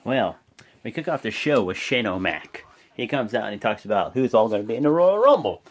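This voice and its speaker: A man's voice: lowish voice, fairly quick. A man hosting his own reaction channel, recapping a show casually with lots of fillers and rambling asides. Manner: rambling, with many fillers and "and whatnot"; breaks into loud, excited voices when quoting. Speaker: host of a wrestling reaction channel.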